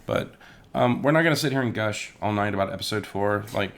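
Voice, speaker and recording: A man with a low voice co-hosting a casual podcast. He tells stories in a relaxed, laid-back way and drops the odd swear word. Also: a little fast, vocal fry. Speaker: podcast co-host. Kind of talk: casual chat.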